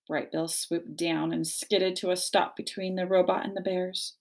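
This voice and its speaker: A woman reading a children's novel aloud, narrating gently and expressively. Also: lowish voice, level tone, moderate pace. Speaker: reader.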